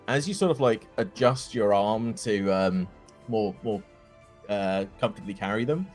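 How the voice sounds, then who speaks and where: Laughing male game master, lively pitch. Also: a little slow, faint music behind. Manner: laughing, hesitant narration full of fillers. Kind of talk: narrating a tabletop game.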